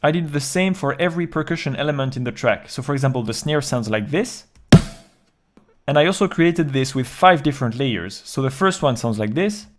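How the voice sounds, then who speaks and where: Male producer, home studio, calm tutorial walkthrough, faint music under the voice. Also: mid-range voice, a little fast. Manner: calm step-by-step walkthrough, counting beats aloud. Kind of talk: explaining a music production process.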